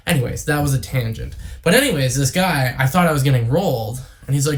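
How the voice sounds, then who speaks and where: A man's voice: medium pitch, expressive, quick pace, few pauses. Young canadian man, casual vlog, rambly, lots of ums and side tangents. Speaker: YouTuber.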